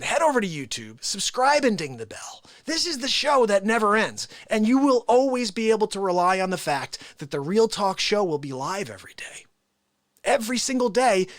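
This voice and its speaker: A man hosting a live, unscripted stream from home, talking excitedly to his viewers. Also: high voice, dry recording, clean studio sound. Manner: animated, excitable, chatty with viewers. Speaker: live show host.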